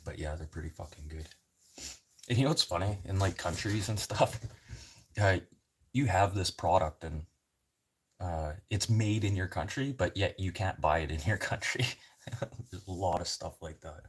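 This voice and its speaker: Man, very low voice, husky, profane, rambling live chat with viewers. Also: moderate pace, long pauses. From Canada. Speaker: livestreamer.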